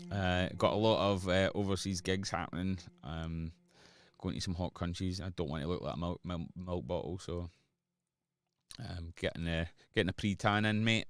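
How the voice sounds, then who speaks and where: A man's voice: low-pitched, fairly even intonation, moderate pace, pauses often. A man with a Glasgow-area Scottish accent, chatting casually and joking with viewers while producing music on a livestream. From Scotland. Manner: joking banter with chat, rambling.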